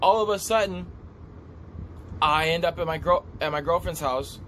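A man telling a vivid dream story in a casual, animated way, repeating himself as he describes what he saw. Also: on the high side, moderate pace, slight background noise. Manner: animated, repetitive, gestures while describing. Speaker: vlogger recounting a dream.

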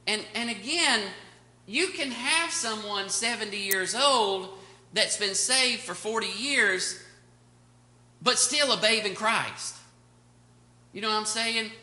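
Older pastor, bright and echoey. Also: male voice, sits high, slow, pauses often. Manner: rambling storytelling with many fillers. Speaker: pastor teaching Sunday school. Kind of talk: anecdotal Bible lesson. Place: church classroom. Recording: echoey room.

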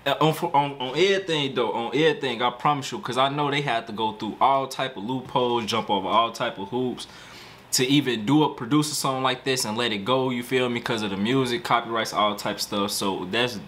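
A man hosting a music reaction channel, giving excitable, slangy commentary and talking straight to his viewers. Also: mid-range voice, slight background noise.

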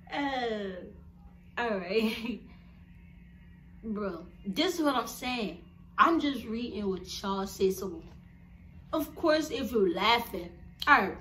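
Young woman, casual vlogger; higher voice, animated, blunt, laughs a lot; faint background noise. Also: very slow, pauses often. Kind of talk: casual storytelling to viewers.

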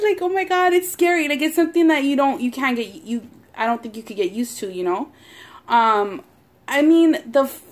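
A young woman vlogger and mother who chats casually and swears a lot while eating on camera. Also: on the high side. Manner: chatty, swears a lot, rambling. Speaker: mukbang vlogger. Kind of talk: casual eating-show chat.

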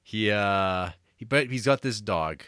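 A man co-hosting a film podcast, retelling the plot casually and acting out lines from the story with quick laughs. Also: lowish voice, pushed and bright, clean tone, dry recording, clean studio sound. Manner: laughs while talking, many restarts. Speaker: podcast co-host. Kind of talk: casual film review chat.

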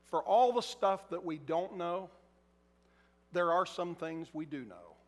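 Preaching at a measured pace, a pastor gives a relaxed, conversational sermon and now and then acts out quotes. His voice sits fairly high for a man, and the big church auditorium adds a long, echoey reverb after every phrase.

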